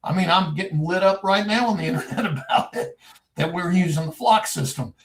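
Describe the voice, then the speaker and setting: Middle-aged Texas man, gravelly and a touch high, folksy animated storyteller. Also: fairly quick, a little hiss or hum. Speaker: private investigator, guest. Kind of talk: storytelling in a podcast interview.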